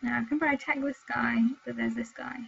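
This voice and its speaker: A young woman from Wales chatting with her viewers while commenting on her gameplay, excitable and talkative, in dull lo-fi home stream audio. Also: fairly high pitch, fast talker, gravelly, husky. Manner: chatty, excitable, exclaims at the game. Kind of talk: live gameplay commentary and chat.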